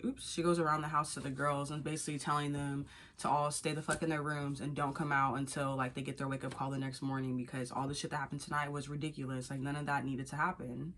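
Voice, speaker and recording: A woman's voice: low-pitched, a bit bright. A woman vlogger recapping a reality show episode in a blunt, profane, gossipy way. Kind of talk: casual recap commentary.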